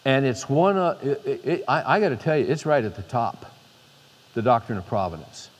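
A man's voice: medium pitch, animated, moderate pace. Man preaching in a reverberant hall. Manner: unscripted, many restarts, builds to emphatic peaks. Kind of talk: informal sermon. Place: large hall with a podium.

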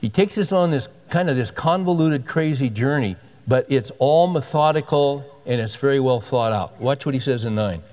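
A man's voice: medium pitch, normal speed, few pauses, a little mellow. A man preaching a sermon as a pastor, conversational and emphatic, often repeating himself for stress. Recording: long hall reverb.

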